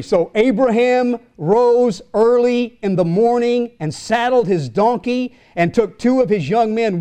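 An older man preaching a sermon, asking his listeners questions and swinging from loud calls to hushed lines. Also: sits high. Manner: asks the congregation questions. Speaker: pastor.

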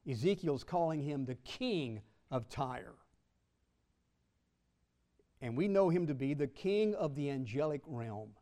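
A man preaching a sermon with emphatic, drawn-out stresses, swinging between loud bursts and soft asides, and teasing his listeners now and then. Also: a little high, lively intonation.

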